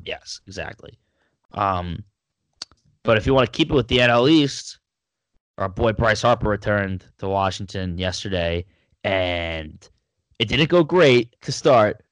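A man co-hosting a casual sports chat in a dry, measured way, with a sarcastic edge. His voice sits somewhat low. The sound is close and dry. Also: lively intonation, a bit bright, dry recording. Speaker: podcast co-host.

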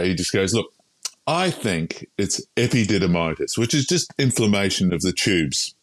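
Aussie bloke guesting on a podcast, lowish voice, dry close sound, keeps restarting his sentences. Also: no echo. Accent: Australian. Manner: animated, frank, with frequent restarts. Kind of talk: casual storytelling interview.

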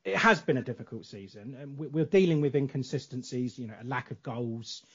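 A man's voice: mid-range voice, fairly quick, a bit bright, breathy edge, muffled recording. A man co-hosting a casual podcast chat, leading the talk and steering the questions. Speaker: podcast co-host.

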